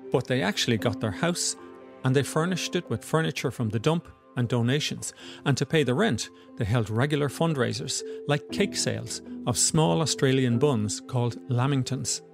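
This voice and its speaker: A male documentary narrator with a mid-range, gravelly voice reads a script in a steady, measured way. Faint music runs underneath him. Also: mid-range voice.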